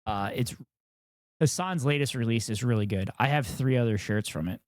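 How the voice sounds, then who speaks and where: A man's voice: medium pitch, moderate pace, no room sound, studio quality. A man streaming live, casually reacting and joking with plenty of swearing. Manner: profane, animated and joking.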